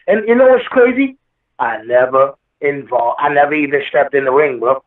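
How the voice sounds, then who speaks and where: A man's voice: medium pitch, lively intonation, normal speed. A man giving a heated, preachy interview, quoting scripture and repeating himself for emphasis. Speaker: rapper guest. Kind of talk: impassioned interview talk. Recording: echoey, distant phone line.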